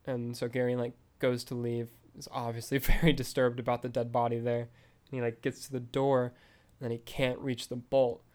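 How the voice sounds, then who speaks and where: A man's voice: medium pitch, flat delivery, moderate pace, darkish tone. A man hosting a film review podcast, retelling a scene in a casual, rambling way full of fillers.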